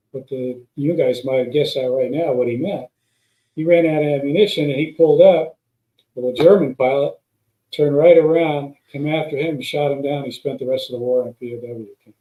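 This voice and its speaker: A man's voice: mid-range voice, steady tone, moderate pace, mellow. A man, a guest pilot, telling long rambling anecdotes in a casual chat, with many restarts. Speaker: guest, former stunt pilot. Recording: roomy echo.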